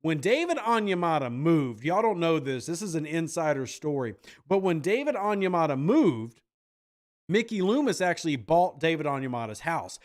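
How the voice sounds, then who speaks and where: A man's voice: a little high, sing-song, normal speed. A man hosting a podcast, joking and sarcastic as he reacts to viewer comments. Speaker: podcast host.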